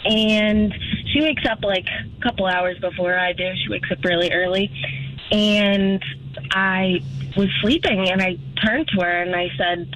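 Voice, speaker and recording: A woman calling into a radio show, telling an animated story and laughing. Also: medium pitch, measured pace, slight background noise, low-quality recording. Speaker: caller.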